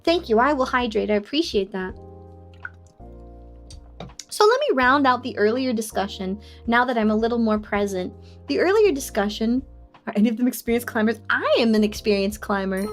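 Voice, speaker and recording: A young woman streaming casually, playful and excitable, squealing in mock outrage and laughing often. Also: a little high, normal speed, soft background music. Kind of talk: casual live-stream chat.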